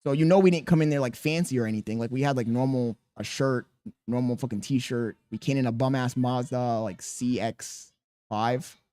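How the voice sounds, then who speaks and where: A young man hosting a podcast, telling a profane story in a casual, animated way. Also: mid-range voice, moderate pace, dry recording. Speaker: podcast host.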